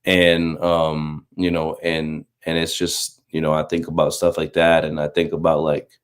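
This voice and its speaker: A man's voice: extremely low pitch, measured pace, clean tone. A man in his thirties, a Marine recruiter, casually telling a story about faith, full of fillers and acting out the voices of the people in it. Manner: animated, acts out quoted voices, many fillers.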